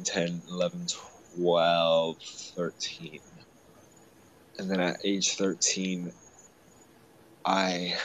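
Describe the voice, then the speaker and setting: Low voice guy, teary and emotional, stops and restarts a lot. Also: slight background noise, rough recording. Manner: emotional, halting, confessional. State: tearful. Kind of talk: casual conversation.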